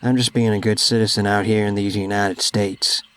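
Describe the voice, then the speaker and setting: A gap-toothed old hillbilly man with a Southern US accent, folksy and slow to rile, as a male narrator puts him on. He talks low and level, dropping grim warnings in a horror story reading, with faint crickets chirping behind. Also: little pitch movement, a bit bright, a little hiss or hum, close to an everyday voice. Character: grinning old southern hillbilly man, missing teeth, ominous.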